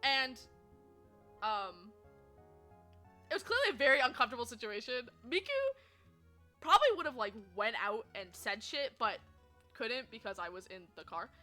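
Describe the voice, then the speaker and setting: A young woman streamer telling stories to her chat in a chatty, animated way, swearing freely and laughing often. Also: a little high, normal speed, pauses often, faint music behind. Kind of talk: casual storytelling to chat.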